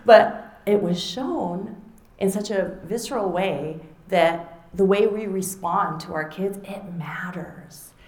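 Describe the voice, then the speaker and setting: A middle-aged woman author giving a conversational talk to an audience, animated and acting out little quoted exchanges. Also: mid-range voice, slow pace. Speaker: author and speaker. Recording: roomy echo.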